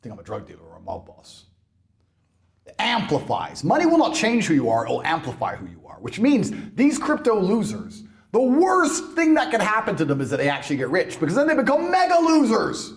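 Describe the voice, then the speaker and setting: A man in a heated interview, ranting in a brash, mocking way, swinging between loud outbursts and low mutters. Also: wildly swooping pitch, brisk, gravelly. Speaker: interview guest. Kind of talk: heated rant.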